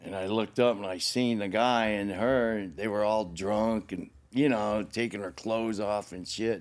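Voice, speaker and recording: A man's voice: lowish voice, steady tone, unhurried, hardly any pauses. An older man from Los Angeles, the host's father, telling painful childhood memories in a rambling, heavily profane way. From Los Angeles, United States. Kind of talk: candid personal storytelling.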